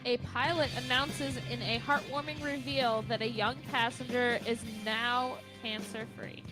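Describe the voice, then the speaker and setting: High-voiced woman co-host reading news. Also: flat delivery, a little slow, loud music behind the voice, low-quality recording. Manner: stumbles and restarts while reading. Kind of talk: reading a news story aloud on a radio show.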